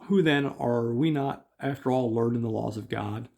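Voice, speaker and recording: A man reading aloud and voicing elderly male synagogue elders who deliberate and question each other. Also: medium pitch, gravelly, darkish tone, natural voice. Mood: deliberating.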